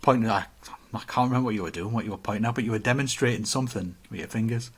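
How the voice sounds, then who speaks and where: A man's voice: fairly low pitch, very fast, fairly bright tone, breathy edge. A man, co-hosting a casual podcast chat, joking and reading out viewer comments. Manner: chatty, joking, reads out comments. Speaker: podcast co-host.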